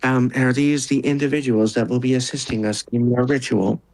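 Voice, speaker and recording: A man's voice: mid-range voice, fairly even intonation, fairly quick, darkish tone, no echo, lightly acted, rough recording. A man voicing a stern, condescending female sorcerer aide in a tabletop game, in his own everyday voice. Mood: haughty.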